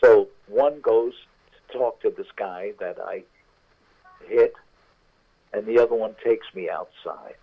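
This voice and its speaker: A man's voice: fairly low pitch, slow, pauses often, slightly rough. An older man and guest storyteller, telling an anecdote unhurriedly and acting out the characters over a tinny phone line.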